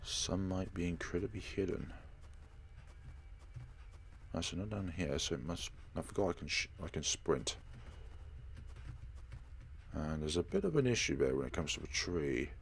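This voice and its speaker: A man's voice: low voice, animated, moderate pace, gravelly, pauses often, a little hiss or hum. A man hosting a horror-game let's play. He reads the game's dialogue aloud and breaks into dramatic outbursts. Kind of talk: gaming commentary reading game dialogue aloud.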